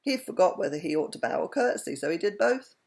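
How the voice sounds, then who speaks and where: A woman reading a children's story aloud in an expressive, animated way. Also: lowish voice, fast, vocal fry.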